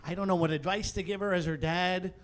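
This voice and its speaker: A man in his forties performing a stand-up comedy set on a theatre stage, animated and exasperated, rising to shouts on his punchlines. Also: high-pitched, brisk. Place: theatre stage before a live audience.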